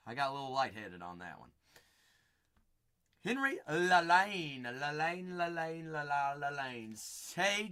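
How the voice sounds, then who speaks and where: A man with a voice on the high side hosts a live card break stream. He rattles off buyers' names in playful, sing-song banter punctuated by sudden loud bursts.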